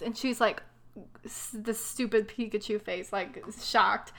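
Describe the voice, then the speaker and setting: A young woman in casual chat, retelling a book plot with sarcastic, animated mocking voices. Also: a little high, a little slow. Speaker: book discussion co-host.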